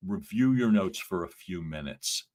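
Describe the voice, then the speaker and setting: A man's voice: low voice, animated, measured pace, darkish tone. A man coaching salespeople on a live stream, talking with energy and emphasis and acting out sample phone lines.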